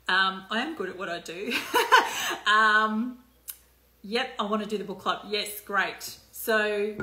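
A woman's voice: mid-range voice, sharp tone, roomy sound. A woman hosting a casual live stream, chatting loosely with lots of fillers and the odd swear word.

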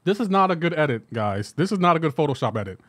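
A man on a live gameplay stream talks to his chat in a high, very lively voice. He is incredulous and laughs often as he reacts. The sound is dry and close, with no room around it. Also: fast talker, no room sound. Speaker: gaming livestreamer.

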